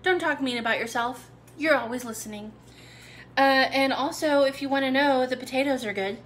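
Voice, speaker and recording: A woman's voice: high voice, moderate pace, a little hiss or hum. A young adult woman hosting a cooking video, chatting casually to her viewers with playful asides. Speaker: cooking channel host. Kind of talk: casual live video chat.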